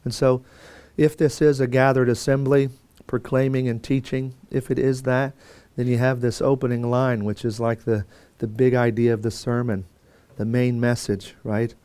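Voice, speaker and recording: A man's voice: medium pitch, level tone, normal speed, few pauses, warm tone, clear, resonant tone, no echo. A man teaching a Bible course in a conversational lecture style, with fillers and restarts and quotes acted out. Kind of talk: classroom lecture.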